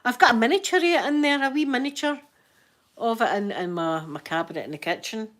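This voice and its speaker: A Scottish woman with a fairly high, somewhat bright voice and brisk delivery hosts a casual livestream chat with her viewers. She's a chatty storyteller, sharing funny stories, laughing often and acting out quoted voices.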